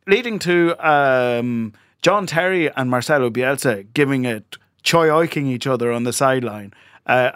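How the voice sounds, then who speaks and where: A man's voice: medium pitch, fairly bright tone, no echo, clean studio sound. A man from Ireland hosting a chat show, telling a story in a rambling, laughing way with lots of filler sounds. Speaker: podcast host. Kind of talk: casual chat.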